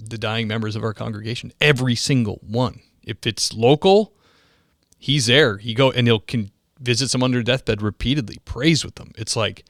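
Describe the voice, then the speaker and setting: Gravelly-voiced podcast host man. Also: mid-range voice, a bit bright, no room sound, studio quality. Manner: casual, chatty, lots of fillers like "like". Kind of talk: casual interview talk.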